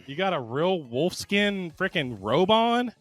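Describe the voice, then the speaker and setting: A man's voice: high-pitched, sing-song, measured pace, no room sound, faint music behind. A man in his thirties co-hosting a casual podcast, joking and rambling through his explanations. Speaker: podcast co-host.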